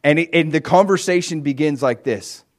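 A man preaching a sermon in an animated way, acting out quoted voices as he retells stories. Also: fairly high pitch, normal speed. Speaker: pastor.

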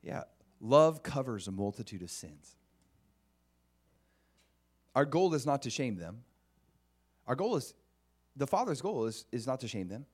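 A man's voice: measured pace, long pauses, husky. A man preaching a conversational sermon, earnest and often putting questions to the congregation, with frequent restarts. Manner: earnest, with restarts and lively pitch swings.

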